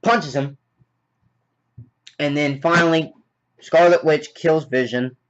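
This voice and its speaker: Male reviewer, slightly high voice, excited play-by-play with sound effects, lo-fi sound. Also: slow pace. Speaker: movie reviewer. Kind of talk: casual spoken movie review. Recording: dull lo-fi recording.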